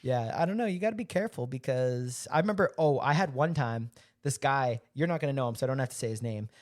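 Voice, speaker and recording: A man's voice: medium pitch, animated, fast. A young man co-hosting a casual podcast chat, joking and telling stories, acting out the voices of the people in them. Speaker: podcast co-host.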